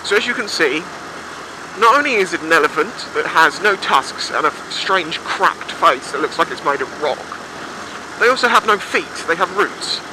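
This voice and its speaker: A man's voice: expressive, normal speed. A young man casually rambling through stories on his motorbike, chatty and sweary, recorded on a helmet mic outdoors. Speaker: motovlogger. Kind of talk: casual storytelling on a bike. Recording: engine rumble behind.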